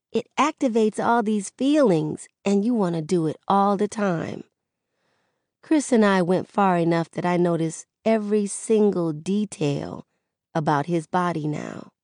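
A woman reading a first-person audiobook in a candid, conversational and expressive way, close to the mic. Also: mid-range voice, dry recording. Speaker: audiobook narrator.

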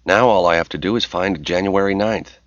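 A man's voice: low-pitched, a little fast, dry recording, lo-fi sound, lightly acted. A male audiobook narrator voicing a nervous young man caught snooping through files.

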